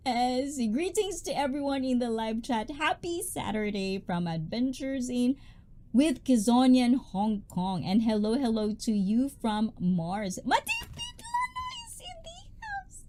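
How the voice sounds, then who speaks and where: A woman, hosting a casual livestream in a loud, bubbly, chatty way and greeting viewers by name. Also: takes it slowly. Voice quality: high-pitched. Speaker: livestream host.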